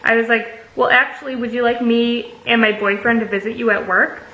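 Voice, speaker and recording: A young woman speaks a little fast in a slightly high, sharp, level voice, telling a casual story on her vlog and reading messages out. She swears liberally and fills her speech with likes and ums. The audio has an echoey, slightly muffled quality.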